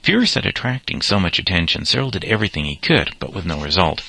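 A man reading a novel aloud as narrator, steady and measured. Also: low voice, vocal fry, husky, dry recording.

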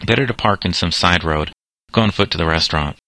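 A man's voice: low-pitched, fast talker, sharp tone, dry recording. A man voicing a commanding teenage boy who leads a club of friends. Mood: crestfallen. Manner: commanding, decisive.

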